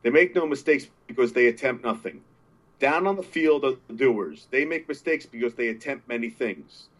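A man's mid-pitched voice, earnest and encouraging, in a relaxed podcast chat. He circles back over his own words as he talks. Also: normal speed. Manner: earnest, encouraging, repeats himself. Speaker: podcast guest. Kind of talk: casual chat.

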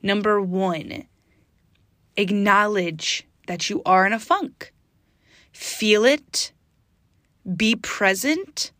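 A woman hosts her own motivational podcast in a lively, chatty monologue, and her voice jumps up high when she gets excited. She speaks close to the mic in a dry, echo-free recording. Her pitch sits in a middle range for a woman. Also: very slow, pauses often. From US East Coast. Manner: energetic, chatty, bursts into high exclamations. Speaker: podcast host.

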